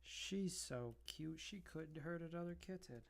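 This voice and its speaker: A man's voice: fairly high pitch, a little slow, gravelly. A man live-streaming his drawing, rambling casually and chatting fondly to his cat between remarks about the work.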